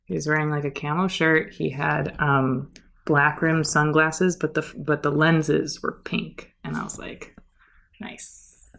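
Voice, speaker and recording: Young woman guest, low voice, rambling anecdote style, lots of "like" and "um". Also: level tone, a little slow, creaky, a bit bright. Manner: chatty, many fillers and "like"s. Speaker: podcast guest, yoga teacher. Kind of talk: casual storytelling.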